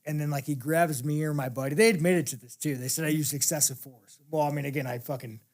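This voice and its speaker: A man sits in as a guest for a casual interview, and his voice has a rough, gravelly edge. He tells his stories bluntly and swears freely. He often breaks into laughter as he talks. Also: on the high side, fairly even intonation, fast talker, darkish tone. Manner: blunt, profane storytelling; laughs while telling stories.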